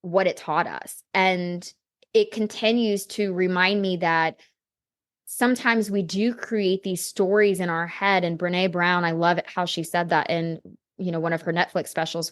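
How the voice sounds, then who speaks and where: A woman's voice: lowish voice, steady tone, unhurried. A woman guest on a podcast interview, telling a personal story in a reflective, candid way with frequent casual fillers. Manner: reflective, personal, heavy on "you know" and "like".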